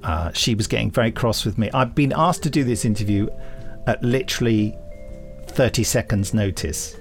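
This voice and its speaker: A man's voice: fairly low pitch, normal speed, faint music behind. A man hosting a podcast, telling an anecdote casually and animatedly, laughing as he goes. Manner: animated storyteller who laughs and acts out quotes. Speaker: podcast host and writer-director.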